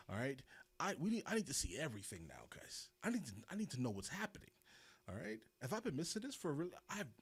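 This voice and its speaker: A young man streaming casual reaction commentary, excitable and rambling, saying "bro" a lot. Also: mid-range voice, slightly rough.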